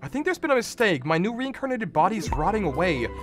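A man's voice: sits high, very animated, quick pace, over music, pitched above the performer's own voice. A man voicing a small, lost reincarnated creature who speaks politely and earnestly.

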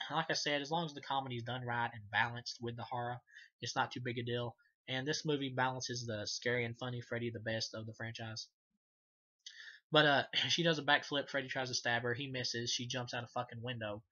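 A man recaps a film in a loose, rambling way, swearing casually and correcting himself as he goes. His voice is bright and edgy but stays fairly level in pitch. The recording sounds dull and lo-fi. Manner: rambling, profane, frequent fillers and self-corrections. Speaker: movie reviewer. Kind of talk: casual unscripted movie recap.

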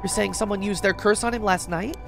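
A woman's voice: mid-range voice, fairly even intonation, fairly quick, gravelly, over music, close to an everyday voice. A woman voicing an uneasy teenage student protagonist in a video game, reading her lines in a questioning way.

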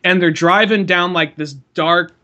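Bright, high-voiced rambling podcast guy. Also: fairly even intonation, unhurried, lo-fi sound. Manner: rambling storyteller, swears freely, laughs often. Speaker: podcast co-host. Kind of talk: casual chat.

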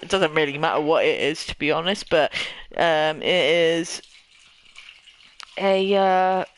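A man's voice: a little high, measured pace, fairly bright tone, smooth, no room sound, poor audio. A young British man with a slight lisp, chatting casually and rambling in a self-deprecating way while streaming a game live. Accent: British English. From Britain.

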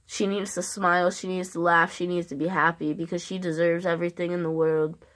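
Earnest woman with a low voice. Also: little pitch movement, fairly bright tone. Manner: earnest, halting, with long pauses. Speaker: vlogger. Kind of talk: heartfelt love message to camera.

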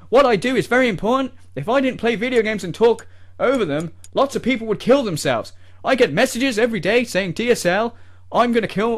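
A man doing a parody rant as a smug, whiny male gamer YouTuber who sneers and swears at his fans. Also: high-pitched.

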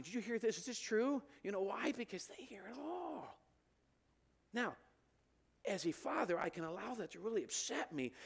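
A middle-aged man preaching a sermon in a church, animated, rising to loud emphatic peaks. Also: sits high. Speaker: pastor. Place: church sanctuary.

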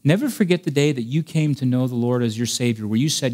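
A pastor preaching with earnest conviction, his voice sitting at an ordinary middle pitch. He climbs to emphatic, raised passages, then drops low and soft when he tells a personal story. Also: fast. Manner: earnest preaching, rising to emphatic peaks, dropping soft for stories. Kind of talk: sermon.

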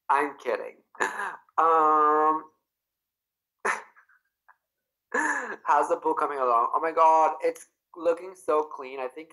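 A man's voice: medium pitch, sharp tone, low-quality recording. A young man from Canada hosting a casual livestream, reading viewers' comments aloud and chatting with them in a bubbly, effusive way. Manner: bubbly and effusive, bursts into squeals. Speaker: livestream host.

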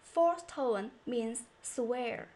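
High-pitched woman teaching a lesson, talks real slow and clear. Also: a little mellow. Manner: slow, carefully enunciated, demonstrating tones. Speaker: Chinese teacher. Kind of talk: scripted language lesson.

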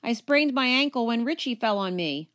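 A woman's voice: a little high, lively intonation, normal speed, a bit bright, pitched above the performer's own voice. A woman voicing a young male dancer with a sprained ankle, wailing in a storybook read-aloud.

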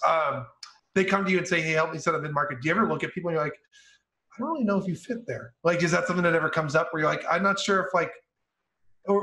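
A man's voice: a little high, pushed and bright. A man hosting a podcast, asking rambling questions that pile several together. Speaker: podcast host. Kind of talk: casual podcast interviewing. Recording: echoey room sound.

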